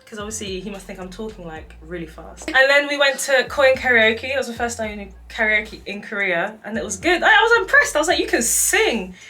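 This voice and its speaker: A woman's voice: on the high side, fairly quick, few pauses. A young woman in her twenties casually telling dating stories, acting out what people said and laughing often. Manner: animated, acts out quotes, laughs often. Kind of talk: casual storytelling chat.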